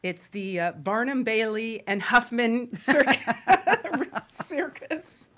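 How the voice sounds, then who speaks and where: A woman's voice: a little high, unhurried, fairly bright tone. A woman hosting an interview, speaking casually with hesitant fillers. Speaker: podcast host.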